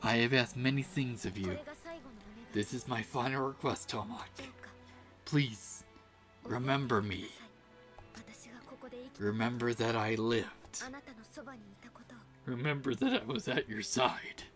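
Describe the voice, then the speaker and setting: A woman voicing a solemn ancient female demon slayer who consumes souls, speaking gravely and with resolve. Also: very deep voice, slow, long pauses, faint music behind. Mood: tearful farewell.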